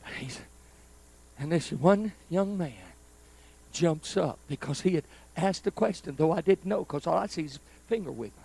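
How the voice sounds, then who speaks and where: A man preaching a storytelling sermon at a live church service, speaking folksy and direct to the congregation, swinging from loud bursts to hushed asides. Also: fairly high pitch, normal speed, creaky, slightly rough.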